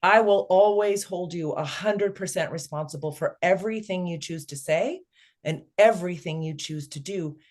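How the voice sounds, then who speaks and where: Animated middle-aged woman telling a story. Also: lowish voice, moderate pace. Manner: animated storyteller, acts out family dialogue. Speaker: guest. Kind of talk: storytelling in a podcast interview.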